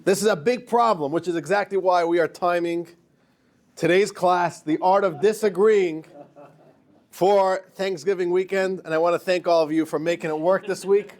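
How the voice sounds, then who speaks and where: A man's voice: high voice, normal speed, a little mellow. A man teaching a class as a rabbi, telling jokes and addressing the listeners as dear friends. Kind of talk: lecture with jokes.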